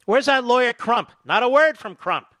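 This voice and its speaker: A man's voice: very high voice, animated, moderate pace, no echo. A man hosting a political talk show, delivering a combative, indignant monologue into a studio mic. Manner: indignant, emphatic, rising to loud outrage.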